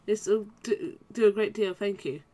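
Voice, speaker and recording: A woman's voice: mid-range voice, normal speed, mellow, natural voice. A woman reading the lines of a kind, earnest male orc charity worker in a video game, in a formal, earnest manner. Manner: formal, earnest read-aloud dialogue.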